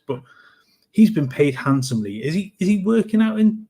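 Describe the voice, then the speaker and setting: A man's voice: fairly high pitch, normal speed, slightly rough. Chatty man, incredulous. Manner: chatty, incredulous, animated storytelling. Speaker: football podcast co-host. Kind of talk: casual chat.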